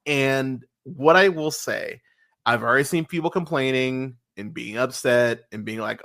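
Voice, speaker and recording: A man's voice: medium pitch, measured pace, a bit bright. A man hosting a podcast, chatting casually and animatedly, swearing freely with many fillers and restarts. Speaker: podcast host. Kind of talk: casual podcast review chat.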